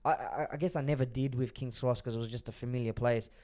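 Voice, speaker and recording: A man's voice: medium pitch, steady tone, fast talker, a little mellow. A young Australian man chatting casually on a podcast, telling easygoing stories full of "bro" and "like". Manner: easygoing storyteller, peppers talk with "bro" and "like". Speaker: podcast co-host. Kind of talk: casual chat.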